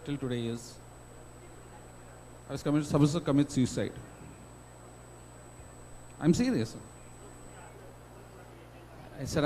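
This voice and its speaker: A man's voice: medium pitch, takes it slowly, long pauses, low-quality recording. Emotional Indian man telling his story. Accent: Indian English. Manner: emotional storytelling with dramatic swings in loudness. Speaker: guest speaker at a student induction. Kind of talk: personal testimony talk.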